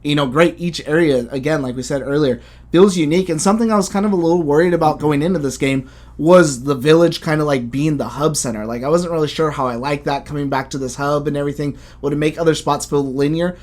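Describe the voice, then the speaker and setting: A man hosting a casual game review chat, animated and blunt, swearing freely as he talks. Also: a little high, brisk. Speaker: video game podcast host.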